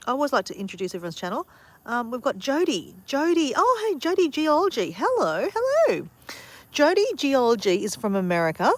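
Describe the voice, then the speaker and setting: An Australian woman chats upbeat with her live-stream viewers from a backyard with chickens, outdoors. Her fairly high voice swings widely in pitch and moves fairly quickly.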